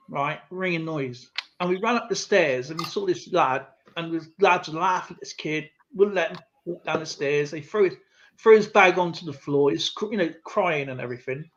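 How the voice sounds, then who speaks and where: A man hosting a live stream, telling a rambling anecdote in a casual, chatty way with lots of fillers and asides. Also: sits high. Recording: slightly muffled lo-fi stream audio.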